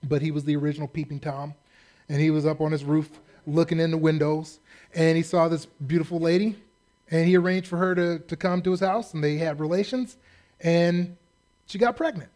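A man preaching a sermon, retelling a scripture story in a folksy, animated, humorous way. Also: a little high, fairly quick. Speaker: pastor.

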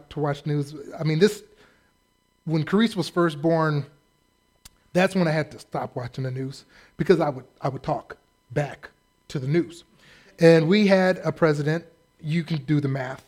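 A man's voice: fairly high pitch, normal speed, a little mellow. A man preaching a sermon as pastor, humorous and acting out the voices of the people in his stories. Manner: humorous, acts out quoted voices.

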